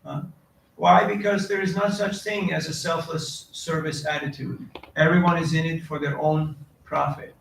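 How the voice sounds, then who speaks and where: Male preacher, raised pitch, gravelly, quizzes the crowd; roomy hall sound with faint noise. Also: level tone, normal speed, a bit bright. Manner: questions the audience, quotes Sanskrit verses. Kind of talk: devotional lecture. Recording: echoey hall, distant mic, faint noise.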